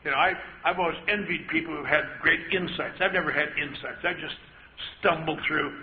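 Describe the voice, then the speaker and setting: An older man speaking as an AA speaker to an audience, a wry, self-mocking storyteller who acts out other people's voices. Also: fairly high pitch. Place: large meeting hall. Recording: dull lo-fi live tape with hiss.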